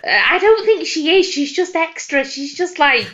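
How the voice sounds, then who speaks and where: A woman's voice: high-pitched, animated, normal speed, a bit bright, lo-fi sound. A woman co-hosting a podcast, chatting playfully about a TV show. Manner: giggly, playful, puts on silly voices. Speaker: podcast co-host. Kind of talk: casual chat reviewing a TV show.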